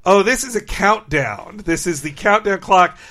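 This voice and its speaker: Bright high-voiced man chatting on a podcast. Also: animated, moderate pace. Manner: laughs often, quotes lines in funny voices. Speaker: podcast co-host. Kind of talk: casual chat.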